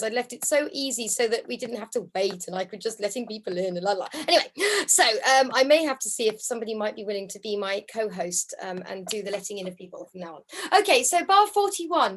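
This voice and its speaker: A woman teaching a harp ensemble over a video call, friendly and encouraging, counting beats aloud and humming the parts. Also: on the high side. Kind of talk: online music lesson, counting beats. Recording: harp music under the voice.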